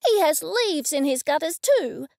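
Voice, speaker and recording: A woman voicing a fussy, complaining older female neighbour in a storybook reading, with a shrill, nosy, whiny manner. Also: very animated, unhurried, vocal fry, darkish tone, dry recording, clean studio sound, exaggerated voice.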